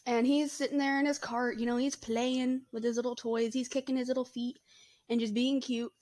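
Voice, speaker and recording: A woman's voice: fairly high pitch, level tone, normal speed, a little mellow. A woman in her twenties, a mother, talking bluntly and chattily to camera in a casual vlog. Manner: blunt, chatty, laughs often. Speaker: vlogger, mother.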